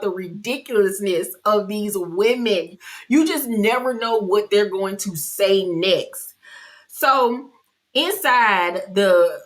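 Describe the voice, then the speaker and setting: A woman in the middle of her usual pitch range recaps a reality show in a casual, unscripted way. She is brash and profane, full of slang. Her voice swings high when she quotes people or feigns outrage, and she breaks into laughter often. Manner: animated, loud, with frequent laughter.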